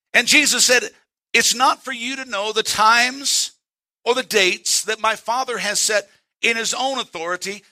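Bright-voiced preaching man. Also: sits high. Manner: emphatic preaching, quoting scripture with slow stresses. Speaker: pastor. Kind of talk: sermon. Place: church.

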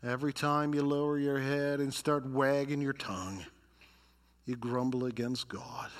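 A man's voice: mid-range voice, steady tone, a little slow. A male pastor preaching a sermon, acting out complaining voices and reading scripture with dramatic emphasis. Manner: dramatic, voices grumblers and reads scripture with rising intensity.

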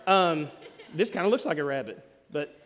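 Brief: male pastor, slightly high voice, self-mocking, live sermon with long hall reverb. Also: moderate pace. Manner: self-deprecating and animated, quoting himself. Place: church sanctuary.

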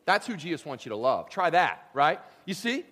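A man preaching a sermon as pastor, joking and animated, swinging from loud lines to hushed ones. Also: fairly high pitch, normal speed, breathy edge, faint music behind.

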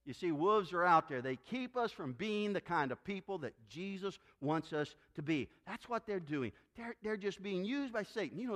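Male pastor, fairly high voice, very lively pitch, sermon delivery that acts out voices. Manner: animated preaching, acts out quoted voices.

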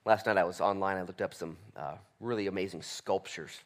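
A man's voice: low voice, steady tone, a little fast. A man in his thirties preaching a sermon, conversational and self-deprecating, driving points home by repeating them. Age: 30s. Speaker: pastor.

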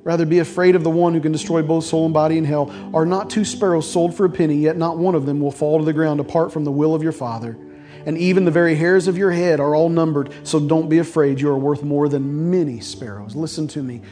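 A man's voice: fairly high pitch, dark tone. A middle-aged male pastor preaching a sermon, telling a personal story earnestly and repeating words as he builds his points.

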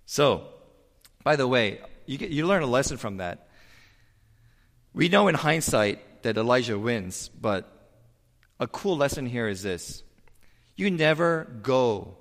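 Guy preaching in a church, acts out the bible story with lots of energy, big hall echo. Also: medium pitch. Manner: animated storytelling, acting out biblical figures. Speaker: pastor. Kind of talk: sermon.

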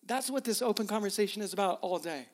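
A man's voice: high-pitched, quick pace. A middle-aged man preaching a sermon as pastor, earnest and emotional, often repeating his words. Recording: reverberant hall.

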